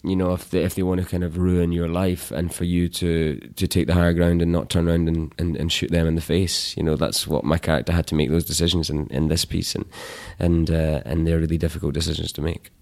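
A young adult man with a Scottish accent, an actor talking in a casual interview, thoughtful and halting with restarts. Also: low-pitched, little pitch movement, gravelly, a little mellow. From Scotland. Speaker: actor guest.

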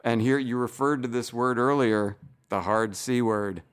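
A man hosts a casual comedy podcast, steering the talk from topic to topic. He laughs often, and his voice sits at an average male pitch. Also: normal speed, clean tone. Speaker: podcast host.

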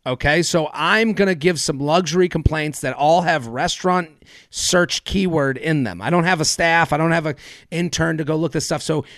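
A man in his thirties hosting a podcast, telling stories in a rambling, animated way with many restarts. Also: a little high, normal speed, no room sound, clean studio sound. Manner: rambling, animated storyteller with frequent laughs and restarts. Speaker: podcast host. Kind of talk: casual podcast chat and storytelling.

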